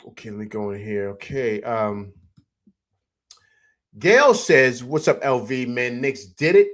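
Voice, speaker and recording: A young adult man hosting a casual postgame livestream, breaking down highlights and greeting viewers in an excited, chatty way that is full of fillers. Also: unhurried. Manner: excited, animated, repeats "man" and "you know what I'm saying". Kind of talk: casual sports commentary over highlights.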